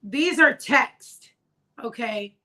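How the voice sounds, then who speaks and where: A woman's voice: a little high, animated, drawn-out words, pushed and bright, poor audio. A woman hosting a casual livestream discussion, talking emphatically and repeating her key points. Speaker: livestream host. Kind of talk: casual discussion of a news case.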